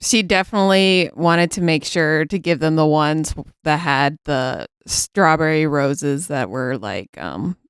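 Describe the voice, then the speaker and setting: A woman playing a tabletop game, speaking haltingly with many restarts and laughing easily. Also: deep voice, smooth, no room sound, studio quality. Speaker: player. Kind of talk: casual tabletop role-play.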